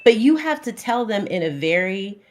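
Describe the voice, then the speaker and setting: A woman relationship coach speaks as a podcast guest. She is blunt and emphatic, with a voice of middle pitch. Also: very animated, normal speed, noisy background.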